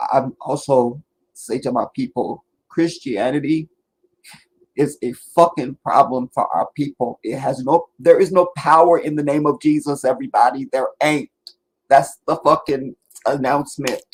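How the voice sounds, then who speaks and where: A man's voice: medium pitch, normal speed, husky, low-quality recording. A man giving an earnest, emotional commentary monologue, preaching at times. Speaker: online commentator.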